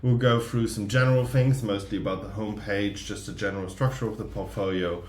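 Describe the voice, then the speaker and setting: Low-voiced man in an echoey room. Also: a little fast. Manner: relaxed, hesitant, many ums. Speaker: guest design reviewer. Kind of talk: casual explanation. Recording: echoey room with faint noise.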